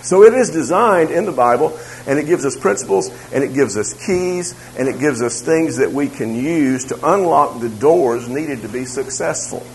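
A man's voice: fairly high pitch, lively intonation, moderate pace, few pauses, slight background noise, poor audio. A man teaching a church Bible class about raising children. He talks conversationally, repeats his phrases and makes asides to the room.

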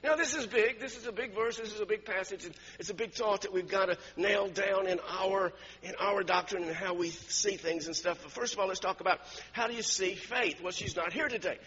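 A man delivers a sermon in a high, bright, slightly husky voice, telling a personal story and chuckling often as he repeats his words. The recording is dull and lo-fi, with the long reverb of a church hall around him. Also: brisk, hardly any pauses. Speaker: pastor.

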